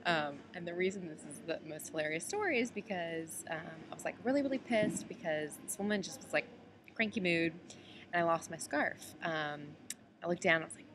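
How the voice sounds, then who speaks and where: A woman's voice: fairly low pitch, expressive, brisk, background noise. A woman from the United States recording a casual video message to a friend from an airport layover, chatty and full of "like" and "um". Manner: chatty, heavy use of "like" and "um". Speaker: traveler on a layover.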